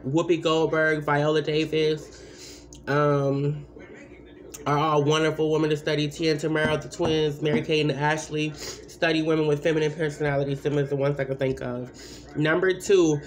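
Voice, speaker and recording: A woman giving blunt, rambling advice in a casual vlog, full of asides and repeated points. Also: sits low. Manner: repeats points with many fillers.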